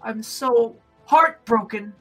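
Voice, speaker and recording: A man's voice: very high voice, slow pace, a bit bright, faint music behind, pitched above the performer's own voice, heavily acted, poor audio. A man voicing a heartbroken human wife who reproaches her husband. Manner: pleading, accusing.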